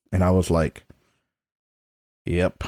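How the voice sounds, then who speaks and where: A man's voice: deep voice, moderate pace, darkish tone, dry recording, studio quality. A middle-aged man, a trombone professor, telling a personal story as a podcast guest in a frank, casual way, swearing freely and laughing between points. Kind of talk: candid conversational storytelling.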